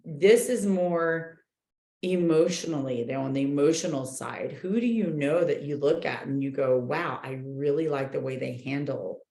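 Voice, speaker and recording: A woman coaching a book club group, talking in an animated, chatty way with many fillers. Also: low-pitched, moderate pace, creaky, reverberant. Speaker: real estate coach leading a book club. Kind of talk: casual group talk, reading and commenting.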